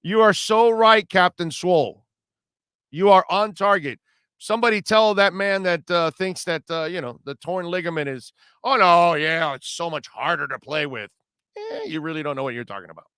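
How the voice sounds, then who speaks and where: A man hosting a live sports talk radio show, reading listener comments and reacting in an animated, emphatic way, often repeating himself. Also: fairly high pitch, a little fast, smooth, no room sound, studio quality. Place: radio studio.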